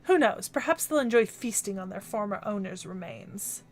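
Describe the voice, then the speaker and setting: An actor playing a ruthless cursed warrior monk spirit in an anime dub, cold, boastful and mocking. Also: male voice, high-pitched, expressive, moderate pace, soft background music. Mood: gloating.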